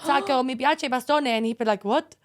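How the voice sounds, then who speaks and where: A woman co-hosting a podcast, telling dating stories in a lively, swearing, laughing way. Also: high voice, brisk. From England. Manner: animated, swearing, laughing storyteller. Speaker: podcast co-host. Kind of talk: casual chat.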